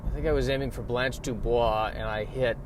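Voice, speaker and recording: A man's voice: mid-range voice, fairly even intonation, fairly quick, background noise. A man hosting his own podcast in a casual, rambling monologue, talking in an offhand, self-mocking way. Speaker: podcast host.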